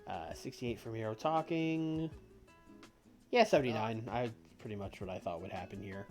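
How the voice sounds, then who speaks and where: A man's voice: fairly low pitch, moderate pace. A man chatting casually while playing a wrestling sim game with a friend, dry and teasing, breaking into laughter. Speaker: co-host of a game stream. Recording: faint music behind.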